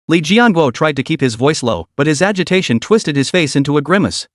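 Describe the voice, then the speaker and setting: Male narrator for a story recap, lively delivery with a wide pitch range and dry close sound. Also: a little fast, hardly any pauses, no echo. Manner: animated storytelling, voicing all the characters' lines.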